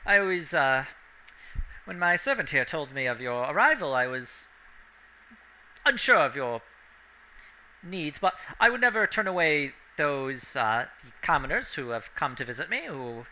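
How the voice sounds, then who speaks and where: A man's voice: mid-range voice, animated, unhurried, sharp tone, poor audio. A man voicing a haughty, condescending noble lord who is a necromancer, for a tabletop game. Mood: pompous. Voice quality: haughty, condescending, politely stiff. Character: pompous new male noble lord, a necromancer.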